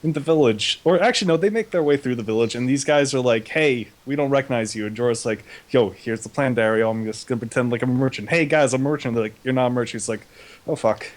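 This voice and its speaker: A man's voice: mid-range voice, fast talker. Young man doing a goofy recap. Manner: goofy paraphrasing with slangy quoted voices. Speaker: co-host recapping an episode. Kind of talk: casual comedic recap.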